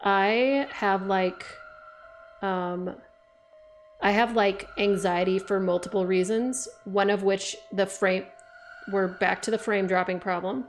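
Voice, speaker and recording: A woman's voice: mid-range voice, steady tone, slow pace, soft background music. A young woman streaming a game, chatting casually with lots of "like" and reading the game's text aloud.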